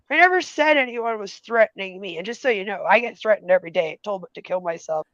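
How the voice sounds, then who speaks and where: A woman's voice: mid-range voice, expressive, quick pace, hardly any pauses, fairly bright tone, no room sound. A woman ranting angrily in a commentary stream, swearing heavily and mocking her critics in sing-song impressions. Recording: dull lo-fi dry sound.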